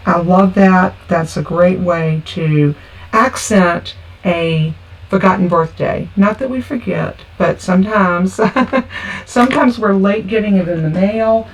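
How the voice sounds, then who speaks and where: A woman's voice: lowish voice, a little slow. A woman, talking through a card-making tutorial in a chatty, homey way. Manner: chatty, homey, talks through each step. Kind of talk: casual craft tutorial. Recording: from a distance with faint background noise.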